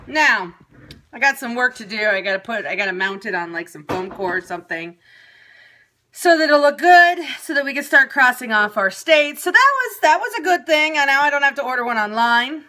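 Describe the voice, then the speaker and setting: A woman's voice: on the high side, bright, forceful tone. A woman venting casually and profanely to viewers on a phone livestream. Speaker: periscope broadcaster. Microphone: phone camera.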